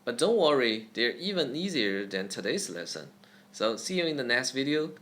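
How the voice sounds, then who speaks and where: A man's voice: medium pitch, sing-song, a bit bright. A man teaching pronunciation step by step, saying each sound over and over with care. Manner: slow, careful, demonstrating sounds repeatedly. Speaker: language teacher. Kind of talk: pronunciation lesson.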